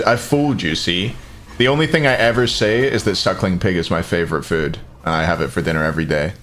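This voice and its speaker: A man's voice: fairly low pitch, fairly bright tone. A Scottish man casting a live esports match, joking and chatting with viewers between plays. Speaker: esports caster.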